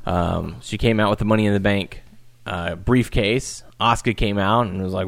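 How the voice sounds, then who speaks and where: A man chatting casually as a podcast co-host, animated and acting out what others said. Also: fairly low pitch, moderate pace, gravelly, few pauses, no echo. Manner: animated, acts out quotes in put-on voices. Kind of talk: casual chat about wrestling.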